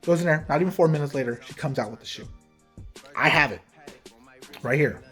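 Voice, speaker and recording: A man, a parent and sneaker vlogger, telling a casual story to the camera with quoted dialogue, animated and heated. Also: a little high, fairly quick, soft background music. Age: adult parent.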